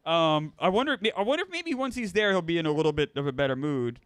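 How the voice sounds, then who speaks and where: A man co-hosting a sports betting show in a relaxed, wry manner. His voice sits a little high and is recorded dry and close, with no room sound. He often repeats words as he starts a sentence. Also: fast, clean tone, no room sound. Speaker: podcast co-host. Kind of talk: casual sports betting chat.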